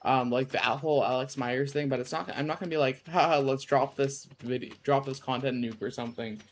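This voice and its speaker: A man's voice: medium pitch, steady tone, a little fast. Rambling man streaming a farm game. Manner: rambling, self-interrupting, goofy asides. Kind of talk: casual chat while gaming.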